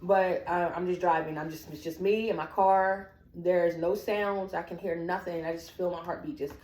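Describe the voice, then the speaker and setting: A woman's voice: fairly low pitch, moderate pace. Storytelling woman in an echoey room. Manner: animated, acts out quoted dialogue. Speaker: family member telling her story. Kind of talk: personal storytelling.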